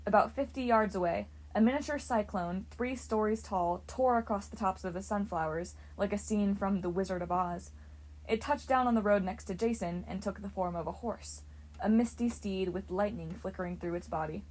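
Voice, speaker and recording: A woman narrating a fantasy novel in an expressive storybook reading. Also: medium pitch, moderate pace, low-quality recording. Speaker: audiobook narrator. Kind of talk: audiobook narration.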